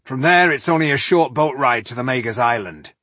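A man voicing a calm male dwarf scholar who leads the group in a matter-of-fact, decisive way. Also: mid-range voice, brisk, no echo, voice pushed up.

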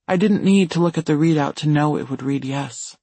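Man for steady first-person audiobook narration, husky, slightly high voice. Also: brisk, no room sound.

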